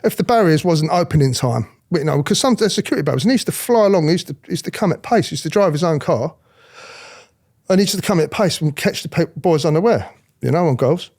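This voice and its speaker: Fast and fairly high-pitched, a middle-aged man tells blunt stories about his former work as a royal protection officer in a candid interview. He's animated, swears freely, and mimics the people he talks about.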